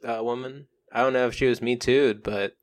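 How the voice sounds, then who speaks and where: A man's voice: mid-range voice, fairly even intonation, a little fast. A man co-hosting a comedy podcast, riffing loosely with lots of filler words. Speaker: podcast co-host. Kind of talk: casual comedic brainstorming chat.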